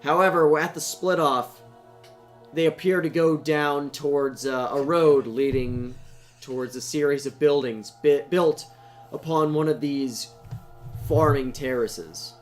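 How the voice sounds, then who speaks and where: A man narrating a tabletop game as game master, halting with many fillers and restarts. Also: on the high side, steady tone, soft background music.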